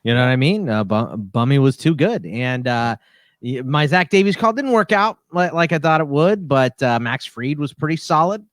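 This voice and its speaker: A man's voice: on the high side, expressive, moderate pace, dry recording, clean studio sound. A man from Texas, co-hosting a casual sports podcast in a laid-back way and laughing easily. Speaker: podcast co-host.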